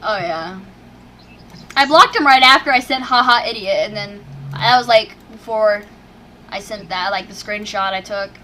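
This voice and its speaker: A woman's voice: medium pitch, a little slow, sharp tone, a little hiss or hum. A woman co-hosting a casual chat, talking in a hyper, giggly way. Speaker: co-host.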